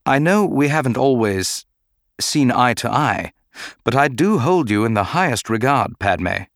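A man voicing a calm, measured middle-aged Jedi knight who speaks gently and formally. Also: mid-range voice, no echo, studio quality. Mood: gentle.

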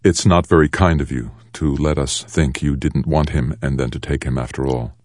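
A man's voice: very deep voice, fairly even intonation, normal speed, a little mellow, dry recording, studio quality. A man voicing a worried father whose voice trembles with anger. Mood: indignant. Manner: trembling, indignant. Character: worried, angry middle-aged father.

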